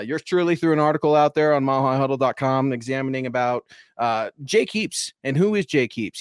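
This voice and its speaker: Male sports stream co-host, mid-pitched, opinionated and talkative, dry close sound. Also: dry recording. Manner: opinionated, talks at length, chatty. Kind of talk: casual livestream chat.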